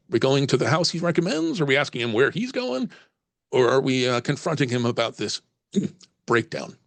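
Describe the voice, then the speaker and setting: A man's voice: mid-range voice, dry recording. A man narrating a solo tabletop horror game as game master, reading passages aloud and musing over the choices. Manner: reads aloud, then muses on choices.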